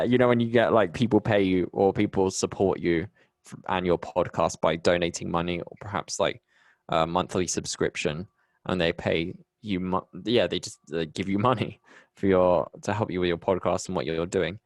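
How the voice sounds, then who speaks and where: A man's voice: low voice, normal speed, no room sound. A young man with a Bristol accent from England, chatting casually as a podcast guest, rambling with many restarts. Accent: English, Bristol. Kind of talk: casual conversation.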